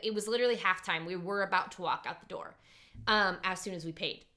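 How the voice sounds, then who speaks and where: A woman hosting a podcast, telling a story in animated casual chat, full of "like" and quoted dialogue. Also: on the low side, fast talker. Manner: animated, lots of "like" and quoting. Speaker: podcast host.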